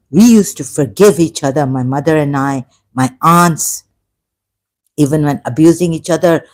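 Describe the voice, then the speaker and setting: A woman in her fifties telling her personal story, emotional and halting, rambling with restarts and self-corrections. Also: low voice, a little mellow. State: emotional, close to tears.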